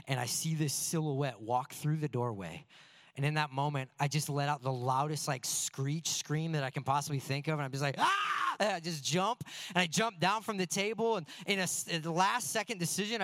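A man on a church staff telling a humorous story in a sermon, animated and poking fun at himself. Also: on the high side, no echo. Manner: animated, self-deprecating anecdotes. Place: church sanctuary before a congregation.

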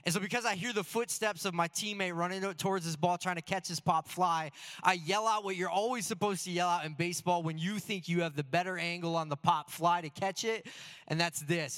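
A man preaching a sermon as a pastor in a church sanctuary, telling stories earnestly and slowing down to stress key phrases. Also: high-pitched, fairly bright tone. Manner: earnest storytelling with slow emphatic phrases. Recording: long hall reverb.

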